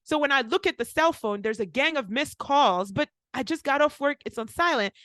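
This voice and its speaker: Young woman pharmacist telling a story, says like a lot, high voice. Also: moderate pace, no echo. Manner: animated, acts out quotes, frequent "like". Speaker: podcast co-host, pharmacist. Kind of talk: casual storytelling chat.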